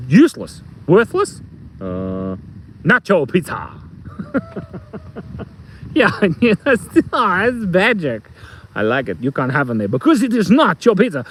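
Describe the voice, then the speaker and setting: Middle-aged Australian host, high animated voice, joking casually on a live phone stream outdoors. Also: male voice, rough recording. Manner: playful, rambling, tells jokes and reads chat aloud. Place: outdoors in the bush.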